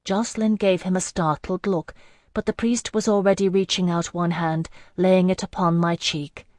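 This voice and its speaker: A woman reads a fantasy audiobook in the first person, measured and even. Her voice is low for a woman. The recording is close and completely dry. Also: no echo. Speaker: audiobook narrator.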